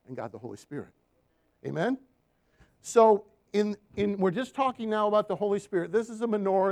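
A man, a Christian counselor, preaching a storytelling sermon with slides and asking the room for amens. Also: high-pitched. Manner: storytelling, asks the room for "Amen?".

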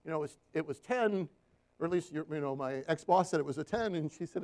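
A man with a high-pitched voice preaches a sermon, telling stories from his counseling work. He walks the congregation through slides and keeps asking them for an amen. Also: expressive, fast, darkish tone. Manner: storytelling, asks the room for "Amen?". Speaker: Christian counselor and guest preacher.

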